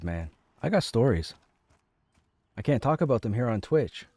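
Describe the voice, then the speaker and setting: A man's voice: mid-range voice, very animated, moderate pace, mellow, no echo. A man streaming a game from home, chatting casually and rambling, often repeating his phrases. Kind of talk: casual chat.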